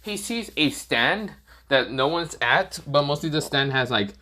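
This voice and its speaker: A man's voice: a little high, lively intonation, unhurried, bright, forceful tone. A man improvising a fan-fiction story, rambling with many fillers and slips.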